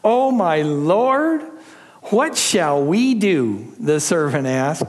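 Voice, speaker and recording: A man preaching a verse-by-verse sermon, telling the story expressively with dramatic pauses. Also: on the high side, sing-song, in a large hall. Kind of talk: expository sermon.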